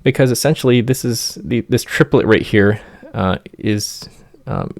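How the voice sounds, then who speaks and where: A man giving an informal music theory lecture, singing motifs in nonsense syllables and pausing often with fillers. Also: on the low side, gravelly, no room sound, clean studio sound.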